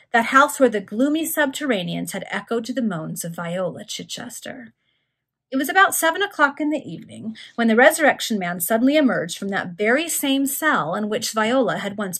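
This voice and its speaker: A woman's voice: mid-range voice, fairly bright tone, slightly rough. A woman reading a novel aloud for friends, adding her own asides to the story. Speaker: reader.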